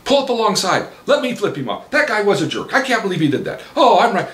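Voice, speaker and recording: A man voicing an excited girlfriend who eggs her partner on, in a roomy-sounding recording. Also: high-pitched, fast talker, pitched above the performer's own voice. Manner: excited, egging on. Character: eager, rowdy girlfriend.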